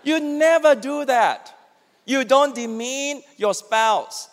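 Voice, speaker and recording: A man's voice: very high voice, slow, in a large hall, slight background noise. A man pastor preaching a sermon, acting out quoted lines as he speaks. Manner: animated, acts out quoted speech.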